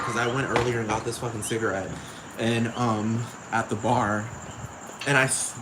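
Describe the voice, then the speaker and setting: A man's voice: medium pitch, fairly even intonation, normal speed, background noise. Rambling, profane man ranting alone. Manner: rambling, profane, keeps asking "you know what I'm talking about". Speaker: podcast host. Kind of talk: casual solo rant. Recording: echoey outdoor recording with crickets.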